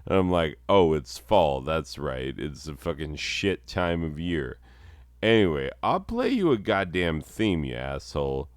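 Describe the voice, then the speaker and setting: A man hosting a comedy show, ranting and swearing constantly in a deadpan monologue. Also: rumbling low, unhurried, no room sound, clean studio sound.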